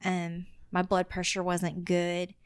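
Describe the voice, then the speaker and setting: A woman's voice: on the low side, slow pace, smooth, no echo, clean studio sound. A woman guest on a podcast telling her personal story earnestly and acting out what other people said. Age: adult with children. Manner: earnest, quotes people in lively retellings.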